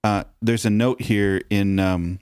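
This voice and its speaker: A man's voice: lowish voice, steady tone, takes it slowly, darkish tone, clean tone, no room sound, studio quality. A man casually explaining a Bible passage to his co-host. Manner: explanatory, with short agreeing backchannels. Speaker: podcast co-host.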